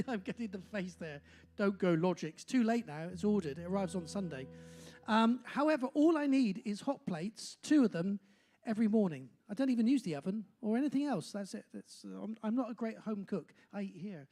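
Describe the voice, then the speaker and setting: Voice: medium pitch, animated, normal speed, warm tone. An older compere in their sixties from Bristol, with a faint Bristol accent. They chat on stage at a pub, rambling and self-mocking, with lots of "uh"s. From Bristol, England. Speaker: compere of a live music night. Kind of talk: live stage banter. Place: pub function room, on stage.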